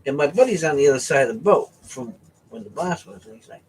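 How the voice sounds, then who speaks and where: East Coast man, fairly high, raspy voice, animated storyteller hosting a home vlog. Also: fast. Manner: animated, tags sentences with "right?" and "okay?". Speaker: vlogger host. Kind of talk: casual storytelling to viewers.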